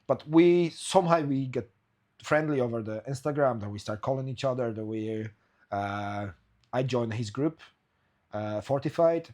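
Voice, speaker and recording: A podcast host telling stories in a middle-pitched male voice. He swears freely and talks in a loose, anecdotal way. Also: animated, moderate pace, a little mellow. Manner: storytelling, swearing, laughing through anecdotes. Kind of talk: casual podcast chat.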